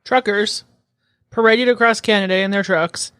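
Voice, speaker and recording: A woman co-hosting a podcast, chiming in quickly with mocking jabs. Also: medium pitch, fairly even intonation, a bit bright, smooth, no room sound, studio quality. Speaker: podcast co-host. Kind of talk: casual political chat.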